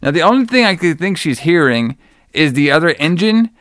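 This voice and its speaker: A man co-hosting a horror-movie podcast recaps plot points in a loose, rambling way, laughing and swearing as he goes. His voice is smooth and clear. The recording is dry and close to the mic. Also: a little high, animated, brisk, a bit bright, no room sound. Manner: rambling, profane, laughs often. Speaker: podcast co-host. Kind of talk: casual movie-review chat.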